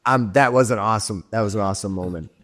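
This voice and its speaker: A man's voice: on the low side, fast, fairly bright tone. A man, the game master, reminiscing about a tabletop game in a rambling way with many restarts.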